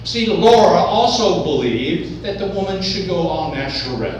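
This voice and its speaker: Man, high lively voice, comic storyteller playing it up, heard from afar in an echoey hall. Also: normal speed. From Oklahoma. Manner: animated, playfully exaggerating. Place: event hall, indoors. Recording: echoey hall, distant mic, background noise.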